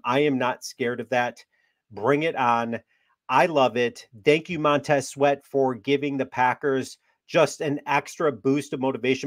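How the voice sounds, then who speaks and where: A man's voice: mid-range voice, no room sound, clean studio sound. A man hosting a sports talk show, talking casually and mockingly, amused and full of trash talk. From Wisconsin.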